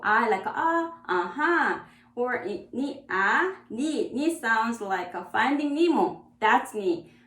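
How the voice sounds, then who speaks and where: A woman with a fairly high voice, teaching a beginner Korean lesson in her second language. She repeats each phrase slowly and patiently, so listeners can copy it. Her voice rings a little in an echoey room. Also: lively intonation, a bit bright. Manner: slow, repeats words for practice.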